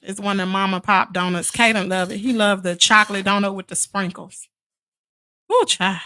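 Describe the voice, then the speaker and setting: A woman's voice: medium pitch, steady tone, normal speed, sharp tone, clean tone, no room sound. A woman from Mississippi, hosting a casual live chat with viewers in a chatty, sassy way. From Mississippi, USA. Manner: chatty and sassy, calls viewers "child" and "honey". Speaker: live stream host.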